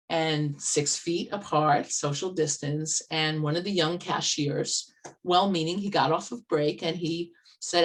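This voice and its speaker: A woman's voice: low voice, expressive, normal speed, breathy edge. A woman motivational speaker and life coach, telling an earnest, conversational story at an online meetup over a video call from a farmhouse. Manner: earnest, conversational, with vivid retellings. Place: old farmhouse, indoors.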